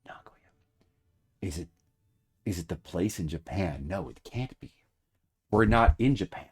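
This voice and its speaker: Theatrical male streamer, low voice. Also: expressive, normal speed, husky. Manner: mock-dramatic, swings between loud hype and muttered whispers. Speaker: streamer playing a retro game. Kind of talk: casual gameplay commentary. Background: video game music.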